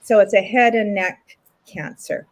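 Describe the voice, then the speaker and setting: A middle-aged woman from Canada tells her own story to an interviewer in relaxed, everyday speech. She brings other people in to life by quoting them, jumping up into livelier voices for them. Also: mid-range voice, a little slow. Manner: animated retelling with lots of acted quotes. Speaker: interview guest. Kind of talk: casual storytelling.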